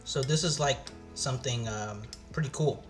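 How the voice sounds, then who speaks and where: A man casually chatting on his cooking live stream, thinking aloud with halting pauses as he tastes the food. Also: mid-range voice, faint music behind.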